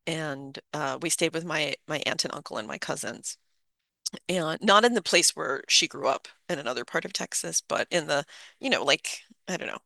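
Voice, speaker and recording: An adult in their fifties telling a personal memory in a halting, reflective way, full of fillers and restarts. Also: medium pitch, gravelly, bright, forceful tone, dry recording. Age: 50s.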